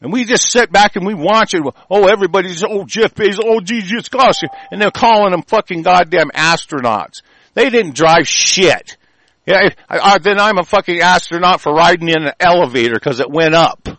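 Furious swearing man ranting, high voice. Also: moderate pace, fairly bright tone, no echo. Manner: heated, swearing constantly, rambling with restarts. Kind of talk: angry profane rant.

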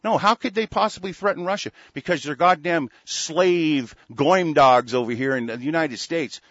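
A man's voice: on the high side, moderate pace, hardly any pauses, a bit bright, no echo. A man hosting a radio show, delivering an angry, profane political rant full of stammered restarts. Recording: dull lo-fi dry recording.

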